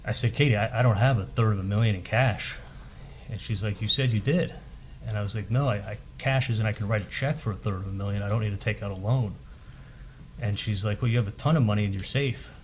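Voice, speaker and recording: A man on the witness stand in a courtroom, retelling a conversation in halting speech that repeats words. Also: lowish voice, a little hiss or hum, low-quality recording. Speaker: trial witness. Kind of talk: courtroom testimony.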